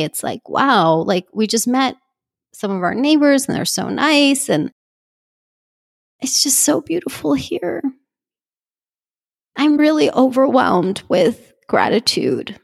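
A woman's voice: fairly high pitch, creaky. A woman speaking in a personal vlog, gushing and heartfelt, emotional and close to tears. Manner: gushing, heartfelt, tearful at times. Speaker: vlogger speaking to her community.

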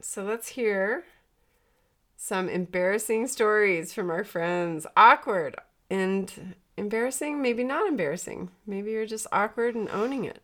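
A woman's voice: medium pitch, a little slow, fairly bright tone, no echo, studio quality. A woman podcast host chatting casually, introducing friends and telling a self-mocking story. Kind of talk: casual chat.

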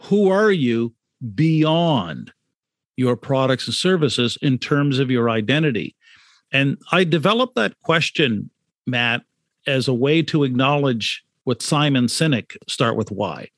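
A man talks through his ideas on brand and identity in a steady middle register. He leans on repetition and rhetorical questions to drive home each point. The sound is close and dry, with no room around it. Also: mid-range voice, a little slow, no room sound. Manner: emphatic, repeats key points, rhetorical questions. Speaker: author and brand consultant, guest. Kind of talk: conversational podcast interview.

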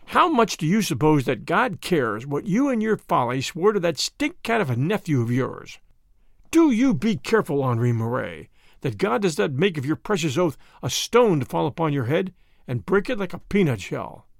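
A man voicing a shrill scolding old Boer woman. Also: big pitch swings, moderate pace, gravelly, no echo, studio quality.

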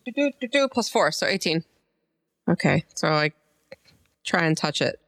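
A player in a tabletop game who thinks out loud while describing what their character does. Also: medium pitch, big pitch swings, moderate pace. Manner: chatty, thinking aloud.

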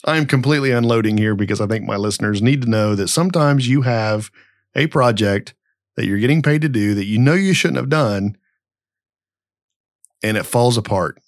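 In clean studio audio with no room sound, a middle-aged podcast host rambles through a long story bluntly and with profanity. His voice is medium-pitched and he talks at normal speed.

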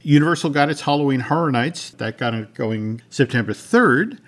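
A man co-hosting a podcast, his voice sitting at a middle pitch. He chats loosely and often restarts his sentences. He shifts into a steadier, read-out manner for news items and sponsor lines. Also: normal speed, a bit bright. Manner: conversational, many restarts, reads sponsor copy. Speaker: podcast co-host. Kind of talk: casual chat and news reading.

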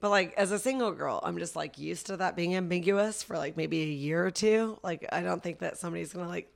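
A woman comedian chatting as a podcast guest, self-deprecating and quick to laugh, with a dry, coughing throat. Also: fairly low pitch, gravelly. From Canada. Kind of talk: casual podcast chat.

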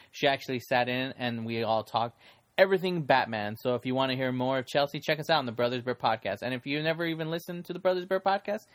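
A man's voice: on the high side, a bit bright. A man hosting a casual podcast, talking in a chatty, rambling way and laughing often. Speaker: podcast host.

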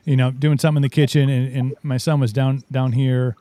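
A man chatting casually as a talk show host, telling stories in an animated way and acting out the quotes. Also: mid-range voice, fairly quick, no echo. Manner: animated storyteller, acts out quotes. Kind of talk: casual chat.

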